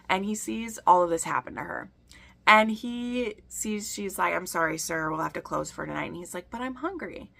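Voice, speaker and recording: A woman chatting through a book recap, her lowish voice carrying a gravelly fry. Her tone is bright and forward, and she rambles along with lots of "like" and side comments. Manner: rambling, full of "like" and asides. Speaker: book reviewer. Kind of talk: casual book recap chat.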